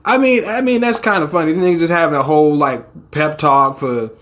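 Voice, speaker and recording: A young man with a slightly high voice reads a manga chapter aloud in a loose, casual way. He laughs often, swears freely, and jumps his voice up into a squeal whenever he acts out a character. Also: fairly quick, fairly bright tone. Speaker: manga reaction host. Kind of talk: casual manga reaction, reading lines aloud.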